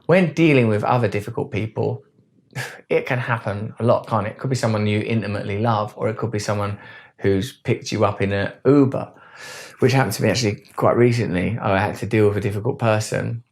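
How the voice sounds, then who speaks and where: A man's voice: on the low side, fairly quick. A man giving a rambling, earnest, philosophical monologue on self-help. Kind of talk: reflective monologue.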